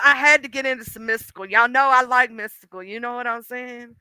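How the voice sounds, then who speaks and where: Brief: outspoken woman streamer, very bright and smooth, dry close sound, rambling casual chat. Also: fairly high pitch, a little fast, few pauses, dry recording. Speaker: livestreamer.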